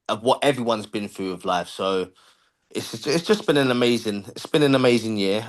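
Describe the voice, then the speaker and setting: A man co-hosting a podcast over a video call, sharing his year earnestly and haltingly, with many ums. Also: mid-range voice, fairly bright tone. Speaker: podcast co-host. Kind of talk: reflective personal sharing.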